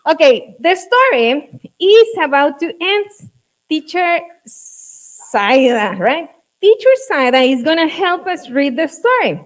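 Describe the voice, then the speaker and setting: A high-voiced woman with a Mexican accent leads a classroom workshop for teachers. She talks slowly and coaxes the group, checking in with them often. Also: big pitch swings, rough recording. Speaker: teacher trainer.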